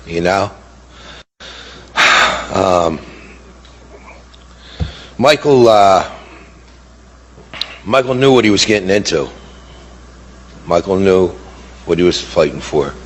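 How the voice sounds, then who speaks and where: A man's voice: low-pitched, slight background noise. A middle-aged man speaking as a bereaved father, giving impassioned testimony. He sounds indignant and repeats words for emphasis. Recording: long hall reverb.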